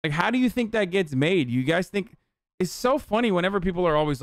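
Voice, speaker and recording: A man's voice: high voice, very animated, a little fast, no echo. Ranting profane male streamer, clean voice. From Turkey. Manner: profane, ranting, talks straight to chat. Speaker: streamer reacting to a video. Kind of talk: casual live-stream commentary.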